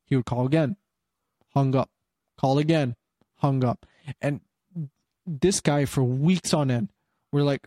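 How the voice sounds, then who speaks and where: A man's voice: mid-range voice, measured pace, pauses often, dark tone, no echo, studio quality. A young man casually telling work stories, rambling, full of fillers and swearing. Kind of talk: casual chat.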